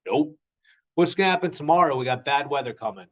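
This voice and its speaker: A man's voice: fairly high pitch, expressive, fast talker, rough recording. Casual man giving a class lecture. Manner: conversational, asks the class questions, acts out anecdotes. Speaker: physical therapy instructor.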